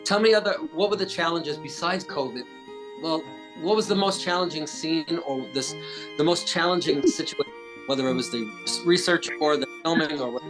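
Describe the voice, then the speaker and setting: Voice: medium pitch, moderate pace. Chatty interviewer over guitar music. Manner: chatty, laughs a lot, praises guest. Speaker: festival interviewer. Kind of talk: casual video call interview. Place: rural Virginia. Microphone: video call.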